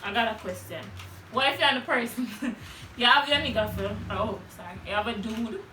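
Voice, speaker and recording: A young woman with a Jamaican accent gives her opinions bluntly, with a bright, sharp tone. She is a little way from the mic in a roomy, echoey space with a faint hiss. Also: on the high side, moderate pace, recorded from a distance. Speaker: host. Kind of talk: casual chat.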